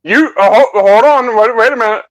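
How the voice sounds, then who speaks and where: High-voiced excitable male podcast co-host. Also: a little fast, low-quality recording. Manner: excitable, stumbles and repeats words. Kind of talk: casual film discussion.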